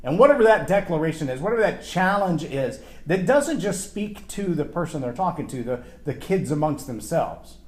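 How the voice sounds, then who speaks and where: Lively male faith teacher with a somewhat high voice who dramatizes scripture and stumbles over repeated words. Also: normal speed, hardly any pauses. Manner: animated, acts out quoted lines in character; repeats words when thinking aloud. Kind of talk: Bible teaching talk.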